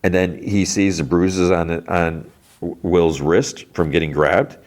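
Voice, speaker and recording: Male podcast host, low voice, loose chatty scene-by-scene recap. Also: fairly even intonation, takes it slowly. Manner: retells scenes loosely, peppered with "like" and quoted dialogue. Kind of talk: casual TV episode recap.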